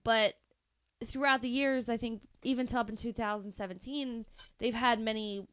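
Woman, podcast co-host, slightly high voice, loose and jokey, laughs easily, casual true-crime chat. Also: fairly even intonation, moderate pace, a bit bright, clean tone, no room sound. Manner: laughs often, joking banter.

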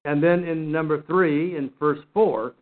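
Heard through narrow, phone-like audio, a man with a fairly high pitch leads a Bible study at an unhurried pace. He's earnest and emphatic, frequently repeating himself and starting words over.

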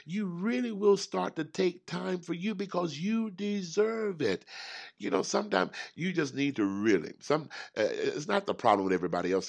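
A middle-aged man hosting a motivational talk show as a life coach, preachy and animated, acting out little voices. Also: medium pitch, gravelly, husky.

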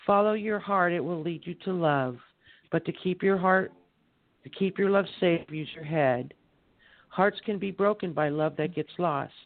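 A man reading his rhyming poem aloud in a measured recital on a live poetry show. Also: a little high, dry recording. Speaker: poet reading on air. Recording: tinny phone line.

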